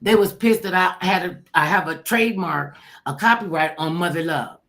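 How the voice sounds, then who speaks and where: Low-voiced older woman telling a lively story. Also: normal speed. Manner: animated, acts out quoted voices, laughs. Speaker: talk show host telling her story. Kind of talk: casual storytelling chat.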